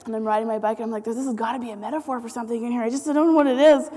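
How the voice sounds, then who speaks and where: A woman in her thirties tells a story on stage in a lively, animated way. She acts out what people said and laughs often. Her voice is high, and it rings with the long reverb of a large hall. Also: very fast, few pauses. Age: 30s. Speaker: speaker. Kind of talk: storytelling talk.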